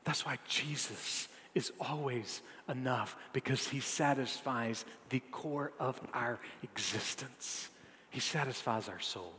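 A man preaching a sermon, moving from soft, low asides to loud, rising emphasis as he reads a woman's story aloud. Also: slow pace. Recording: long hall reverb.

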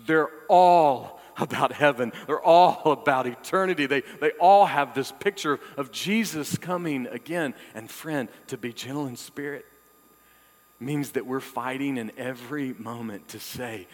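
Man, pastor, sermon, dynamic preaching from loud to hushed, long hall reverb. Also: medium pitch, measured pace.

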